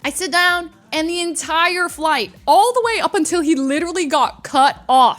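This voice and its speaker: A young woman streamer telling a story in casual chat, animated, laughing often and loudly mimicking the people in it. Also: sits high, normal speed, few pauses.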